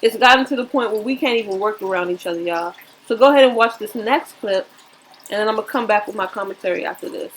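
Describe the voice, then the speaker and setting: Woman vlogger, earnest commentary, preachy and repetitive, mid-pitched, plain delivery. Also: quick pace, a little hiss or hum, rough recording. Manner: earnest, preachy, repeats herself. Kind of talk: casual commentary to viewers.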